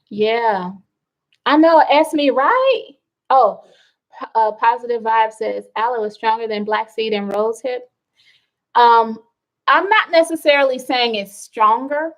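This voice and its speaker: A woman's voice: on the high side, low-quality recording. A middle-aged woman hosting a wellness livestream, chatting casually and reading out viewer comments with rambling asides.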